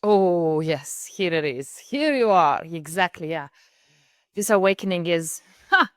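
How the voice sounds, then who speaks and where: Female host, very low voice, halting and reflective, dry close mic. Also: expressive, dry recording. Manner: thoughtful and halting, with soft laughs. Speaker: podcast host. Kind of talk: reflective conversation.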